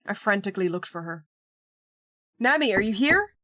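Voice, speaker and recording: A woman's voice: mid-range voice, normal speed, a little hiss or hum. Woman reading an earnest young man narrating. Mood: uneasy. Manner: steady, earnest first-person narration. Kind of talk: reading a visual novel aloud.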